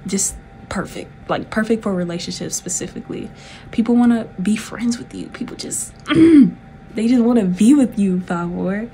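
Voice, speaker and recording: A woman's voice: mid-range voice, moderate pace, warm tone, a little hiss or hum, poor audio. A woman from the South, giving a chatty, laid-back tarot reading with frequent giggles. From Southern United States. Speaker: tarot reader.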